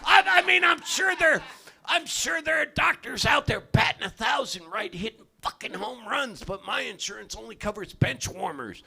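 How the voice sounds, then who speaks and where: An older man doing a stand-up comedy set in a club, loud and profane, often shouting his punchlines. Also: very high-pitched, lively intonation, normal speed, creaky, breathy edge. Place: comedy club stage, live audience.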